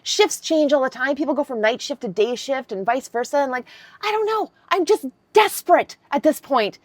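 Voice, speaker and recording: A woman in her fifties telling a story to camera, animated and candid, swearing freely. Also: sits high, normal speed, no echo. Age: 50s. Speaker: vlogger.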